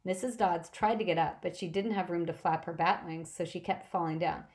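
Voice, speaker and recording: An audiobook narrator with a lowish voice reads an adventure novel aloud. She delivers the first-person story in a brisk, lively way.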